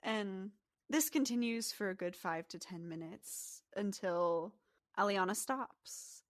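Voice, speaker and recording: A woman's voice: mid-range voice, dry recording, studio quality. Woman narrating as game master. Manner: descriptive, softly paced.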